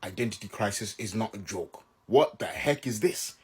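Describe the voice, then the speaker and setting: A man's voice: on the low side, expressive, moderate pace, darkish tone, faint music behind. A man from Southern Africa giving casual reaction commentary, exasperated and incredulous, often laughing in disbelief.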